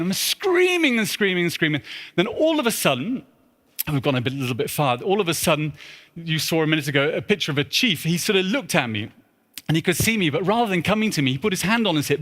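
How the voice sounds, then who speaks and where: A man's voice: fairly high pitch, very animated, quick pace, fairly bright tone. A man on stage telling a self-mocking travel anecdote to an audience, full of "sort of" fillers and comic asides. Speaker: speaker at a symposium. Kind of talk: storytelling talk to an audience. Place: large church hall.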